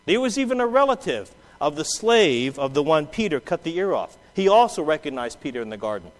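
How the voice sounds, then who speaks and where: A man preaching a sermon, swinging between loud quoted outbursts and low, quiet asides. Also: big pitch swings, brisk. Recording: long hall reverb.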